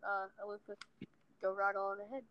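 A woman's voice: medium pitch, level tone, fairly quick, no echo, lo-fi sound. Rambling Southern American woman chatting. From Southern United States. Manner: rambling, self-deprecating, many ums and anyways. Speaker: podcast co-host. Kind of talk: casual chat.

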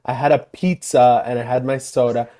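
A man's voice: mid-range voice, moderate pace. A young man co-hosting a podcast, telling stories in a casual chat and acting out what people said. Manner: animated storyteller who acts out quotes. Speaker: podcast co-host.

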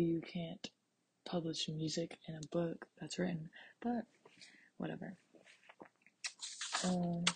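Young woman, very husky breathy voice, gravelly fry, low and flat, blunt profane podcast monologue, half-whispered. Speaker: author and podcast host. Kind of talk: casual rambling monologue. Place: dark office at work.

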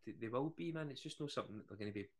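A man's voice: mid-range voice, very fast. A young Scottish man co-hosting a podcast in laid-back casual chat, often saying "mate" and "man". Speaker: podcast co-host.

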